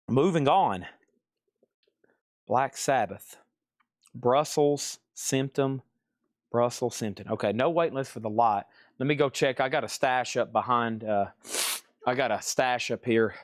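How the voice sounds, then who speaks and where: A man's voice: mid-range voice, slow pace, long pauses, no room sound, clean studio sound. A man running a live vinyl sale, chatting in a folksy, rambling way and humming bits of songs. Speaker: live-stream record seller. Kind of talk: live sales stream chat.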